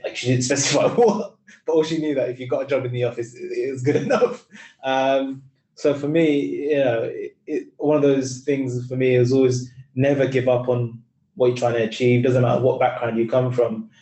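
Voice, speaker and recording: An earnest young man talks through his career on a panel, stopping and restarting his sentences often. His voice is mellow and dark, and it sounds roomy and a little far from the mic. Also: mid-range voice. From East London, England. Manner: earnest, rambling with many restarts. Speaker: finance employee, panel speaker. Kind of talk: casual panel talk.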